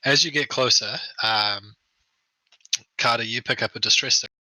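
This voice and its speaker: A man narrating a tabletop game as game master, relaxed, with many ums and uhs. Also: mid-range voice, normal speed, no room sound, rough recording.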